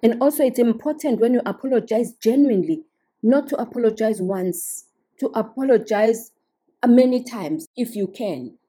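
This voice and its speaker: A woman talks straight to her listeners in a casual podcast monologue, earnest and instructive. Her voice is very dark and mellow, with a husky, breathy edge. She keeps checking that the listener is following. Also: fairly high pitch, lively intonation, moderate pace. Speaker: podcast host.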